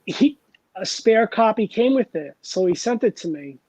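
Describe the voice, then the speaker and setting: Dark-voiced man telling rambling stories. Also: high-pitched, expressive, normal speed, dry recording, poor audio. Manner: rambling, self-deprecating storyteller. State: over-caffeinated. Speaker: host. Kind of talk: casual chat.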